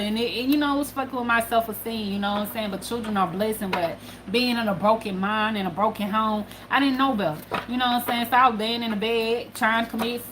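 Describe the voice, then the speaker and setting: Animated, profane woman telling a story. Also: medium pitch, slight background noise. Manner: animated and profane, swinging between hushed and loud. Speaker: spiritual channel host. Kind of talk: casual storytelling monologue.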